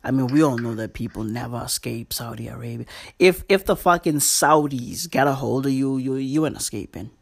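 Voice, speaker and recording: A woman's voice: a bass voice, moderate pace, vocal fry, hardly any pauses, husky. A woman hosting a casual comedy chat, loose and profane, full of slang and rambling asides.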